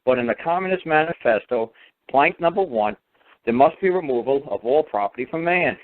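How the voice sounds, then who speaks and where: A man's voice: medium pitch, lively intonation, a little fast. Male guest speaker, emphatic and repetitive, phone-line audio. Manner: emphatic storyteller, repeats words for stress. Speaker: radio show guest speaker. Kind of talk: call-in radio talk.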